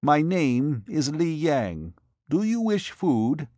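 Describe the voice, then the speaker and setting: A man's voice: on the high side, big pitch swings, slow pace, a little mellow, no echo, voice pushed up. A man voicing a fat, jovial, shrewd man who lisps in a storybook reading. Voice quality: lisping.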